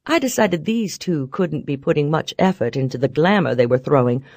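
A woman narrating a first-person story in a wry, expressive way. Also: low voice, normal speed, no echo, studio quality. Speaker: audiobook narrator.

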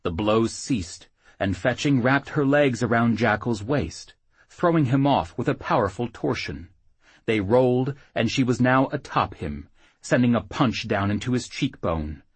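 Male audiobook narrator, husky, lively intonation, dry close read. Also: mid-range voice, measured pace, no echo. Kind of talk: scripted narration.

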